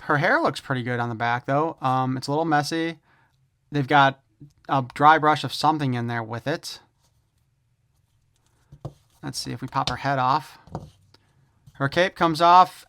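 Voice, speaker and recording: Wry man with a smooth, higher voice. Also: a bit bright, dry recording, clean studio sound. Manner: opinionated, wry and joking. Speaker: toy reviewer. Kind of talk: casual unboxing review.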